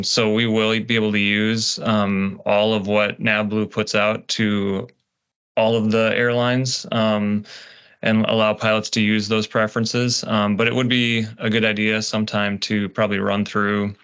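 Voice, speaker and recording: A man's voice: on the low side, fairly bright tone, clean tone. A man presenting in a meeting, explaining answers step by step with frequent ums over a video call. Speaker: presenter answering pilot questions. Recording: dull lo-fi video call audio.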